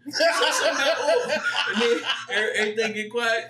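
A man's voice: sits high, fast talker, bright, forceful tone, slight background noise. A man in casual chat who tells a story with energy, acts out quotes and laughs often. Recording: echoey room, mic at a distance.

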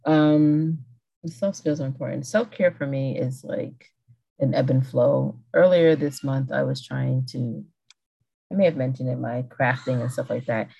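A woman's voice: rumbling low, measured pace, gravelly, dark tone, breathy edge, no room sound, rough recording. A woman hosting a podcast conversation from home, talking casually with lots of "like" and self-corrections. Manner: rambling, heavy use of "like", self-correcting. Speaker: podcast host, homeschooling parent. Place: at home, kids nearby. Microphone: video or audio call.

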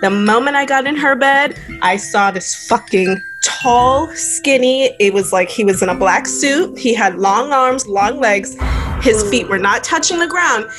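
Woman from new england, casual storytelling, animated, acts out quotes, fairly high voice, faint music behind. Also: measured pace, rough recording. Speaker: podcast guest telling a story.

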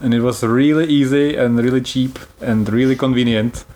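A man's voice: mid-range voice, fairly even intonation, normal speed, darkish tone, slight background noise. A man hosting a casual travel podcast, explaining things in a chatty way and laughing easily. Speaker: podcast host.

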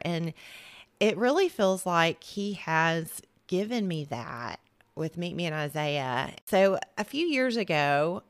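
A woman's voice: lowish voice, clean tone, dry recording. A woman guest on a faith podcast, telling a personal story in a chatty way with many restarts. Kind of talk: casual faith conversation.

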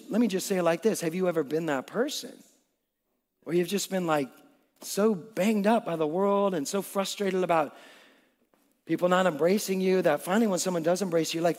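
A man with a high voice preaches in a loose, conversational way, acting out lines from the story. His voice rings with the long reverb of a large hall. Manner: conversational, animated, acts out quotes. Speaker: pastor. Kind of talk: sermon.

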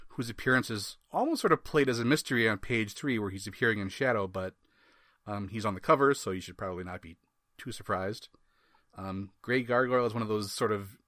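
Wisconsin guy hosting a comics podcast, lowish voice, dry sound, wry and rambly. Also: pushed and bright, no room sound. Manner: wry, laughs often, rambling asides. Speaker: podcast host. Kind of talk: casual comic book review.

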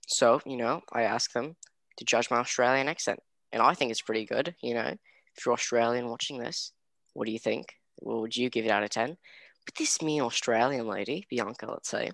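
A man's voice: mid-range voice, fairly quick, gravelly, no echo. A young man chatting casually, telling a story and acting out quotes with lots of fillers. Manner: animated, acts out quotes, many fillers.

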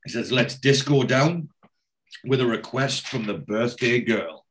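Guy on a podcast recapping an episode, mid-pitched voice, keeps going "he says, he says". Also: animated, measured pace, slight background noise. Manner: retells scenes line by line, quoting dialogue with many "he says". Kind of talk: casual chat recapping a TV episode.

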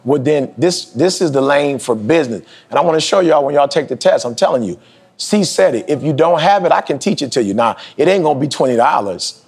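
A man in his forties, a podcast host, giving a motivational talk in emphatic, slangy street speech that leaps high in pitch when he presses a point. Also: lively intonation, fairly quick, a little mellow, breathy edge. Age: 40s.

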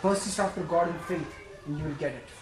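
Animated male preacher in an echoey room. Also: on the high side, quick pace, a little hiss or hum. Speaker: pastor. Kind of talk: sermon.

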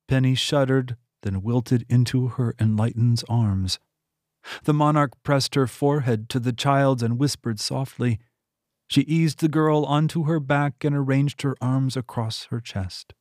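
A man reading his own novel aloud in steady audiobook narration. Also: medium pitch, measured pace, dry recording, studio quality. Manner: steady, even storytelling.

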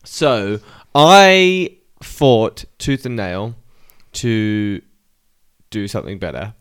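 A man with a smooth, clear voice co-hosts a relaxed movie podcast. He chats casually and teases his co-host in playful back-and-forth banter. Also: lowish voice, extremely slow. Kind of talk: casual chat about movies.

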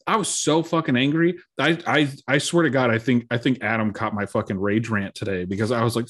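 A man co-hosting a podcast, telling stories in casual chat with heavy swearing and an animated delivery. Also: medium pitch, fast talker, hardly any pauses, husky. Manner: animated storytelling, heavy swearing, frequent laughs. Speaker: podcast co-host.

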